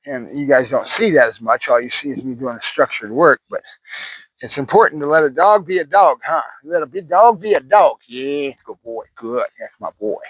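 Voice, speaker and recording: A man's voice: on the high side, fairly quick, fairly bright tone, husky, no echo, rough recording. A man working as a dog trainer outdoors, talking to the camera while cueing and praising a puppy, often tagging "right?" on his points. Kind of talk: running commentary during training.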